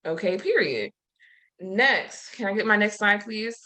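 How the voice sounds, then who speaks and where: A woman presenting over a video call who leads a slow, soothing breathing exercise and reads affirmations aloud. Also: mid-range voice, animated, poor audio. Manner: soothing, slow guided meditation cues, warm affirmations. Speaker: summit presenter.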